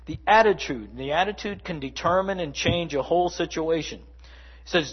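A man's voice: on the high side, expressive, moderate pace, breathy edge, muffled recording. A man preaching a sermon in a conversational way, with asides and playful mimicry. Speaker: pastor.

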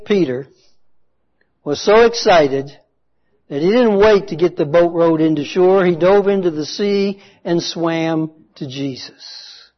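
A man delivers a sermon in a slightly high voice, moving at an unhurried pace with long dramatic pauses. His storytelling is earnest and deliberate, and the recording sounds a bit dull and lo-fi. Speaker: preacher.

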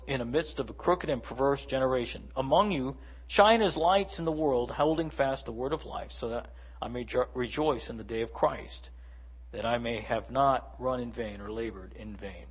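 A man's voice: medium pitch, slightly rough, highs cut off. A man preaching a sermon in a conversational way, with asides and playful mimicry. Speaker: pastor.

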